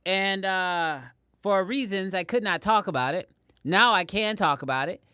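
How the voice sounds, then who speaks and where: A man hosting a casual livestream from his home editing room, talking straight to his chat, animated and repeating himself. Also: high-pitched, normal speed, clear, resonant tone, dry recording, studio quality. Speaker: livestream host.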